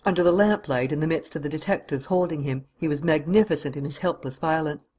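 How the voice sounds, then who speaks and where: A man's voice: on the high side, quick pace, few pauses, a little mellow, husky. A man narrating a classic adventure novel as an audiobook reader.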